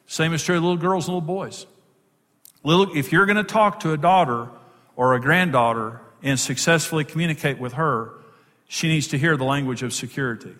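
A man teaching about marriage in a large hall, his slightly high voice carried by a long reverb. He speaks emphatically and repeats key words to drive each point home. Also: a bit bright. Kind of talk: teaching talk to an audience.

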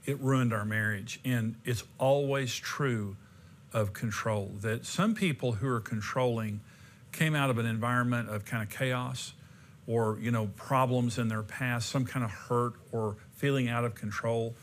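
A man's voice: medium pitch, a little slow, big-room sound, slight background noise. A man preaching a sermon in an emphatic, repetitive way, often restarting his sentences. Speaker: pastor.

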